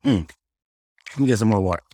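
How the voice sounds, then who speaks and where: A man's voice: on the low side, brisk, no echo. A young man chatting alone into a mic for his podcast, loose and profane with lots of slang. His voice leaps up and down as he tells stories. The sound is dry and close. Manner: animated, profane, slangy storytelling. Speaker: podcast host. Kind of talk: casual solo podcast storytelling.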